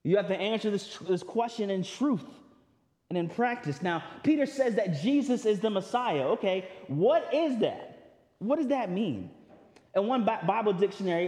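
A male pastor preaches in a high, light voice. He talks in a loose, conversational way, stumbling over words and repeating himself. The sermon rings with a long reverb from a large hall. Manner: conversational preaching with frequent restarts and asides.

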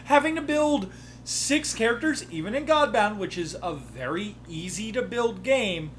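A man's voice: high voice, lively intonation, moderate pace, fairly bright tone, slight background noise. A man who ran the campaign as game master, chatting casually on a podcast, often breaking off mid-sentence and swearing offhandedly. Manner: rambling, self-interrupting, swears casually. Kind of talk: casual chat.

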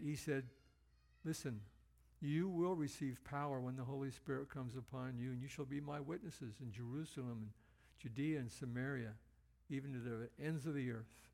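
A man preaching a sermon in an earnest, emphatic way. His voice is gravelly and sits a little high. He slows down to lean on the phrases that matter most. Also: a little mellow.

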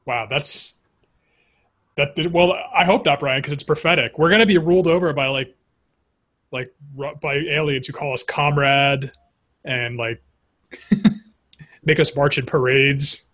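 A man's voice: fairly high pitch, unhurried, pauses often, fairly bright tone. Jokey man hosting a podcast. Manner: jokey, laughs between lines. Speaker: podcast host. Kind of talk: casual chat.

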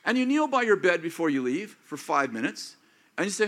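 A man of fifty or older preaching a sermon as pastor, acting out prayers and inner thoughts in an animated way. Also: high voice, a little fast. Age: 50s or older.

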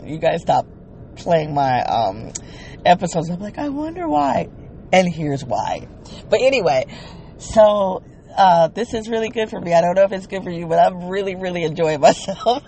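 Middle-aged woman, podcast host, rambling and self-amused, quick laughs. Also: fairly low pitch, a little mellow, a little hiss or hum. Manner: self-amused, laughs often, thinks aloud. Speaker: podcaster and former teacher. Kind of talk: casual solo monologue.

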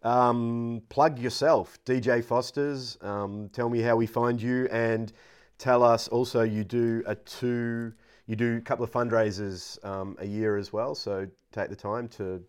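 A man hosting a podcast interview, speaking in a halting, heartfelt way. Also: mid-range voice, fairly even intonation, smooth. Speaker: podcast host. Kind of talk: casual interview.

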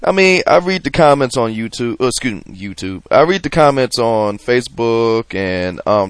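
A man's voice: medium pitch, lively intonation, moderate pace, few pauses, smooth, dry recording. A man hosting a podcast, telling a loose, rambling story with casual swearing and lots of fillers. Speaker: podcast host. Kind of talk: casual monologue.

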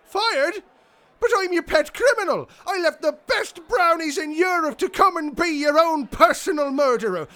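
A man's voice: high-pitched, unhurried, bright, forceful tone. A man voicing a boastful, melodramatic male rogue colonel with a Scottish accent. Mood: indignant. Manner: swaggering, then melodramatically self-pitying.

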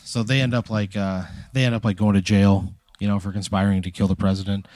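A man with a very low voice narrates a tall hypothetical tale with mock gravity, addressing his listener as "you". He builds the scene deliberately on a comedy podcast. The recording is dry and close. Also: little pitch movement, darkish tone, dry recording. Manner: spins a dramatic second-person hypothetical. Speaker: podcast co-host. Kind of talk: comic storytelling.

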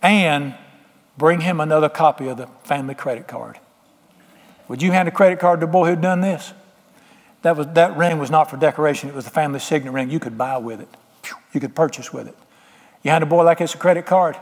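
A man's voice: fairly high pitch, brisk, big-room sound. A man preaching a sermon, folksy, plain-spoken and emphatic with homespun sayings. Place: church sanctuary.

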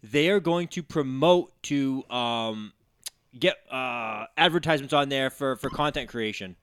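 A man's voice: medium pitch, unhurried, fairly bright tone, clean tone, no echo, studio quality. Laid-back male podcast co-host. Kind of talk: casual sports chat.

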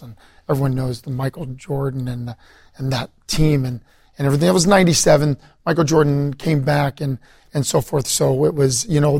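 A man's voice: medium pitch, a little mellow, dry recording. A middle-aged man, a guest in an interview, telling his story in a rambling way with many fillers and restarts. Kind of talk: conversational testimony interview.

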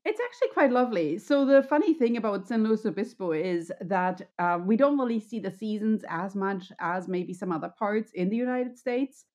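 A woman's voice: medium pitch, animated, moderate pace, few pauses, a little mellow. A woman from Germany with a German accent, a podcast guest speaking in a friendly, upbeat, explanatory way. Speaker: podcast guest, wellness coach. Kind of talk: conversational interview.

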